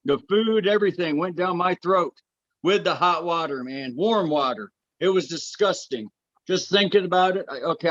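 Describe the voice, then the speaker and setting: A man co-hosts a homemade podcast and tells stories in an animated, emphatic way, often dropping "man". His voice sits fairly high. The recording sounds a bit dull and lo-fi. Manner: animated storyteller, says "man" a lot. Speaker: podcast co-host. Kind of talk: casual family storytelling chat.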